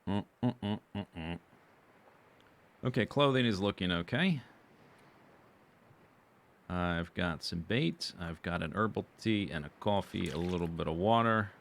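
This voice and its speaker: A man's voice: low voice, expressive, unhurried, long pauses, a bit bright. A man streaming a survival game, chatting casually and rambling as he goes through his gear and plans. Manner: chatty, rambling, self-correcting. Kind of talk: casual gameplay commentary.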